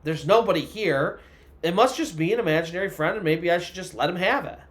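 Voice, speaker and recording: A man voicing a young mother who reasons gently with herself, in a soft, light way. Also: lowish voice, fairly quick, lightly acted. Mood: self-reassuring.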